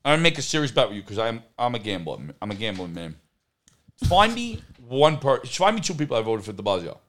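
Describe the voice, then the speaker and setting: A man's voice: mid-range voice, sing-song, fast talker, fairly bright tone. A man, a podcast guest in casual chat, blunt and profane, rambling from one thought to the next. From New York. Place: home podcast set.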